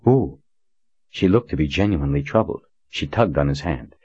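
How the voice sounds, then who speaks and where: A man narrating an audiobook in a steady, even reading. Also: rumbling low, fairly quick, breathy edge. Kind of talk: scripted narration. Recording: dull dry recording.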